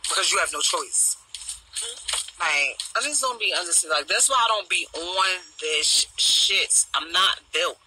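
A middle-aged woman with a deep voice, ranting bluntly and profanely on a talk show panel, firing off mocking repeated questions. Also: animated, unhurried, pushed and bright, a little hiss or hum, low-quality recording. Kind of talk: casual chat, ranting.

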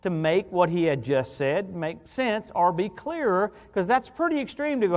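A middle-aged man preaching an evangelical sermon as a guest minister, animated and joking, often calling out "hallelujah" and "come on". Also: high voice, moderate pace, few pauses.

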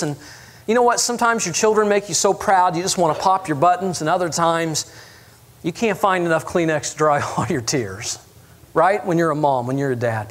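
A pastor preaching a sermon. He tells his stories with self-deprecating humor and keeps turning to the congregation with quick asides. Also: high-pitched, fairly bright tone. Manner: storytelling with audience asides.

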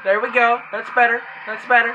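A man commenting on his own gameplay, panicking and cursing loudly at the game, then muttering to himself while sneaking. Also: very high-pitched, level tone, a little fast, muffled recording, noisy background. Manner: yells and swears in panic at the game. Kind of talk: let's play commentary.

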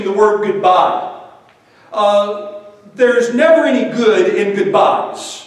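A man delivers a sermon in a high voice, measured and earnest as he reads scripture. He stands away from the microphone, and the church hall around him rings with heavy echo. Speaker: preacher. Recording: echoey hall, far from the mic.

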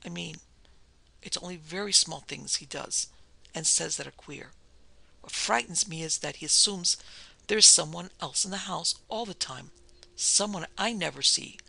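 A narrator voicing Mrs Pender, an anxious, timid middle-aged wife who rushes her words nervously. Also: lowish voice, vocal fry, bright, forceful tone, husky, no echo, exaggerated voice. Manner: nervous, tremulous rush of words.

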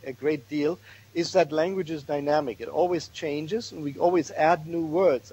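Husky-voiced male lecturer. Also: fairly high pitch, a little mellow, lo-fi sound. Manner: thoughtful, restarts words, explains step by step. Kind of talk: academic lecture.

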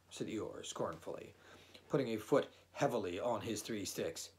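A man reading a children's story aloud in a gentle, unhurried way. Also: on the low side. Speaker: audiobook reader. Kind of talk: storybook narration.

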